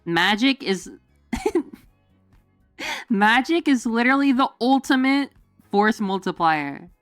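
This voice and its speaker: A woman's voice: a little high, lively intonation, slow pace, fairly bright tone, dry recording, faint music behind. A woman streamer in casual chat, rambling with many fillers and frequent laughs.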